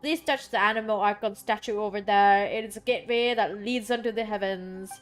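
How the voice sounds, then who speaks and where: A woman voicing an ancient cosmic watcher, reading game lines in a grand, slow, formal manner. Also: mid-range voice, fairly even intonation, soft background music, close to an everyday voice. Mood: solemn. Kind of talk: reading game dialogue aloud.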